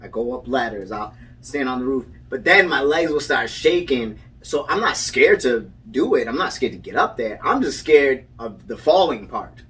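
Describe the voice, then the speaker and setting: A young man tells a story on a casual podcast, lively and full of swearing, laughing through it. He sits some way back from the mic, so his voice has a touch of distance. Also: mid-range voice, normal speed. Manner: animated storyteller, swears freely, laughs often. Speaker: podcast co-host. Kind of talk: casual chat.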